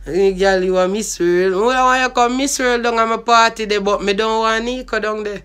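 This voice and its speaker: A man's voice: high-pitched, fairly even intonation, moderate pace, hardly any pauses, pushed and bright, smooth. A man with a Jamaican accent rambling and swearing in patois as he promotes his own party. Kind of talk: rambling vlog monologue.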